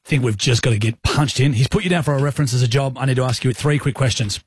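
Man radio co-host, husky, teasing, dry close mic. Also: mid-range voice, fast, no room sound. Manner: joking, teasing. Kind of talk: casual radio banter. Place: radio studio.

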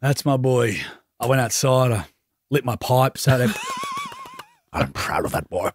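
A man's voice: medium pitch, huge pitch swings, measured pace, slight background noise. A man in his thirties with an Australian accent, hosting a radio show and telling a story with jokes and laughter. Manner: storytelling, joking, laughs often. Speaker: radio host. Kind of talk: casual radio banter.

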